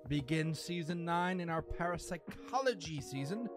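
A man hosting a loose, jokey podcast, his pitch bouncing high and lively as he swears and plugs a sponsor. Music plays under the talk. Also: moderate pace. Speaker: podcast host. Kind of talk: casual podcast banter.

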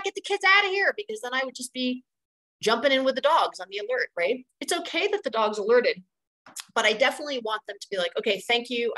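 A middle-aged woman leads an online training session in an energetic, conversational way. She sounds chatty and emphatic, doubling words to drive her points home. Her voice sits at a mid pitch. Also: rough recording. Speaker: dog playgroup trainer presenting a webinar. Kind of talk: instructional webinar talk.

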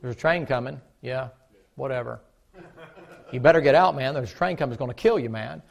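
A man preaching a fiery sermon as pastor. He swings from shouting to mocking mutters. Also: mid-range voice, fairly quick, creaky. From United States. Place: church sanctuary.

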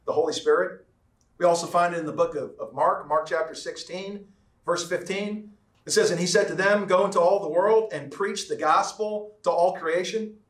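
A man preaching a sermon as pastor, emphatic and repetitive, slowing down to stress key words. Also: on the high side, a bit bright, echoey room, far from the mic. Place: church sanctuary.

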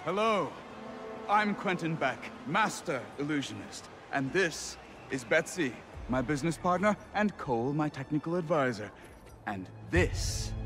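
An actor playing a theatrical male illusionist in a video game, with a grand, showy announcer delivery. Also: on the high side. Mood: showman. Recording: game audio with music underneath.

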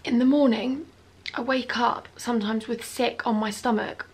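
In a confessional vlog, a young woman from the UK speaks at normal speed in a fairly high, steady voice. She's anxious and hard on herself, frequently going quiet and whispery.

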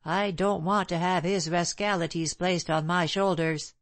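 A woman reading the part of a proud, bitter gentleman who speaks in a sneering, clipped way. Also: on the low side, fairly even intonation, unhurried, no echo. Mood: scornful. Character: proud bitter middle-aged gentleman, scornful.

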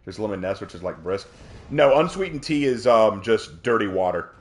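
A streamer host from South Carolina, with a lowish, expressive voice at normal speed, hosts a game live stream. He chats in a rambling, jokey way, dropping goofy asides while gaming.

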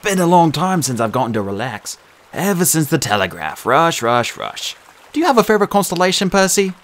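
A man's voice: on the high side, sing-song, brisk, fairly bright tone, voice pushed up. Guy doing a smug playful god, british-aussie accent, bouncy delivery. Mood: breezy. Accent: mixed British-Australian, put on. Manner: breezy, teasing. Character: sly male god, smooth-talking and playful. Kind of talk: audiobook reading.

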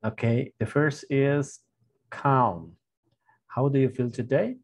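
A man teaching an online class for beginners, speaking slowly and repeating each word with hesitant fillers. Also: mid-range voice, darkish tone. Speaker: English teacher. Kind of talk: slow online language lesson with gestures.

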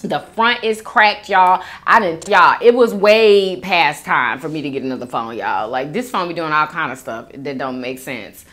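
Animated, chatty young woman vlogger. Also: low-pitched, normal speed, few pauses. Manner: chatty, animated, calls viewers girl and y'all. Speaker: mukbang host. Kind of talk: casual chat reading viewer comments.

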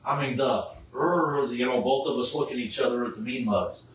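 A middle-aged man tells an animated story in a casual chat and puts on the voices of the people he quotes. He sits well back from the mic in a very echoey room, with a faint hiss of noise behind him. His voice sits at an ordinary pitch for a man. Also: normal speed, recorded from a distance. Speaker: charity Superman cosplayer.

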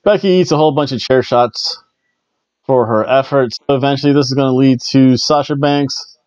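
A man's voice: mid-range voice, normal speed, darkish tone, no echo, lo-fi sound. A man hosting a casual solo wrestling review, chatty and rambling, often stumbling and restarting his words. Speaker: wrestling show reviewer, host.

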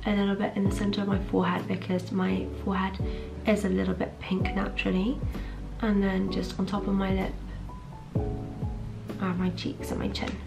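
A woman's voice: mid-range voice, completely flat delivery, brisk, gravelly, long pauses, over music, poor audio. A woman in her twenties chatting casually on her vlog, upbeat and filling her talk with "like". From London. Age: 20s. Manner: chatty, upbeat, lots of fillers like "like". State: groggy morning voice. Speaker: trainee surgeon and vlogger. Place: at home getting ready.

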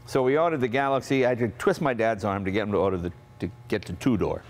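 A man in his sixties from Massachusetts, hosting and telling a casual, animated story about cars. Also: on the low side, fast talker. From Massachusetts, USA. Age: 60s. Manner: chatty, animated, acts out family members' lines. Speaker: host.

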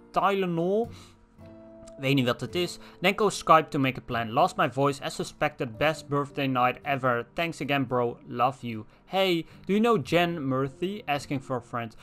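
Young male gamer, reads chat messages aloud with profane asides; voice a touch high. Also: a bit bright. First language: Dutch. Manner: reads in-game text messages aloud, cursing, switching to Dutch asides. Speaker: let's player. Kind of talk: casual gameplay commentary.

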